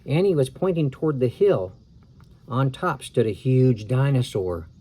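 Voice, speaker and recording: A man's voice: mid-range voice, big pitch swings, measured pace, warm tone. A man reading a chapter book aloud to children, breaking off for chatty asides that explain the story. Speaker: storybook reader.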